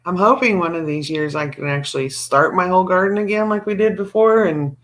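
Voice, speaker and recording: A man's voice: high voice, a little fast, fairly bright tone. A man co-hosting a livestream, chatting casually and telling stories in a teasing, talkative way. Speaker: livestream co-host.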